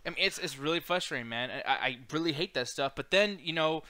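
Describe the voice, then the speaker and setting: Male co-host, bright and forceful, profane ranting movie talk, dry close mic. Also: a little high, quick pace, no room sound. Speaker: podcast co-host. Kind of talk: casual movie review chat.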